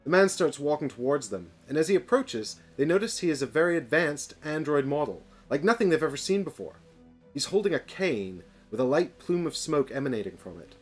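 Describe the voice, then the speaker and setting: A man's voice: a little high, lively intonation, brisk, soft background music. A man narrating a solo board game session in a casual, hesitant way, with self-deprecating asides.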